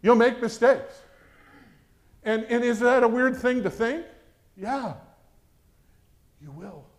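A middle-aged man preaching a sermon in an earnest way, moving between loud urgency and hushed, personal confession. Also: very high-pitched, fairly even intonation, slow. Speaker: pastor.

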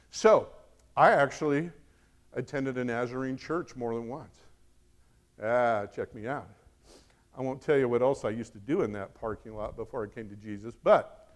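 A middle-aged male pastor preaching a sermon, animated, swinging from loud emphasis to quiet asides. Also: medium pitch.

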